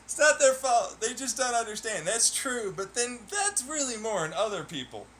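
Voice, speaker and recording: A man's voice: very high voice, big pitch swings, moderate pace, a bit bright, slight background noise. A young man streaming alone, rambling while he plays, swearing, laughing and ranting in irritation. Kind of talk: rambling solo talk while playing.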